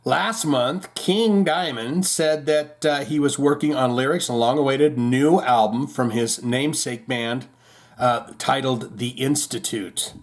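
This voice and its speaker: A man's voice: medium pitch, unhurried. A man hosting a rock and metal news podcast, chatting casually and rambling with lots of fillers and restarts. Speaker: podcast host.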